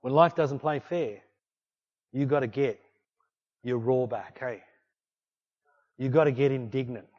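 A man preaching a sermon, exhorting with repeated refrains and swinging between loud bursts and hushed passages. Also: medium pitch, a little slow, long pauses, dull audio. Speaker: pastor.

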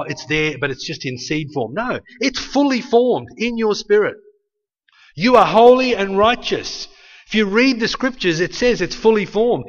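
A man's voice: a little high, fairly bright tone. A man, preaching an earnest, conversational sermon and speaking prayers aloud. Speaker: pastor. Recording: dull sound with long hall reverb.

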